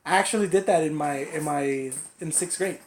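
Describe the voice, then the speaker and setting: A young man chatting on a podcast, telling rambling stories and acting out other people's lines in high voices. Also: moderate pace, very noisy. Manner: rambling storyteller who acts out quotes in high voices. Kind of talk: casual podcast chat. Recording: roomy echo.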